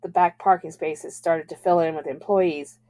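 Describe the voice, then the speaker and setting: A woman teacher reading a novel aloud in a calm, measured way. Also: low voice.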